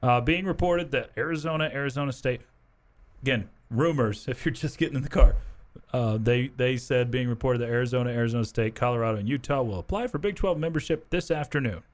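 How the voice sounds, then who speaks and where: A man's voice: mid-range voice, quick pace. A man hosting a morning sports talk show, chatty, leading the conversation with questions to his co-host. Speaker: fill-in sports radio host.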